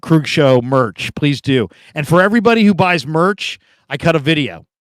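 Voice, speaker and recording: A middle-aged man hosting a casual sports talk stream, rambling and telling stories with loud acted-out quotes. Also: fairly high pitch, moderate pace, no room sound. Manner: rambling, animated storytelling, acts out quotes loudly. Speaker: show host.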